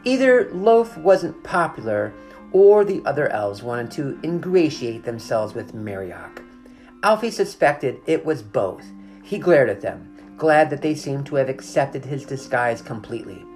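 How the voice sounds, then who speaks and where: Brief: woman storyteller, deep voice, lively intonation, faint music underneath. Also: unhurried. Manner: expressive, animated reading. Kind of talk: storybook reading.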